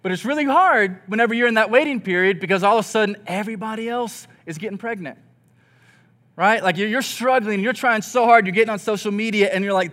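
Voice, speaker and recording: A pastor with a notably high voice delivers a sermon in a relaxed, conversational way. He slips into the voices of grumbling people to make his point, and his delivery stays earnest and expressive throughout. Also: fast talker.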